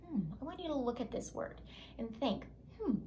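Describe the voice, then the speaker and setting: A woman teaching a phonics lesson to young children, sounding out letters slowly and with exaggeration, and prompting and praising the class in an upbeat way. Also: sits high, lively intonation, dark tone, a little hiss or hum.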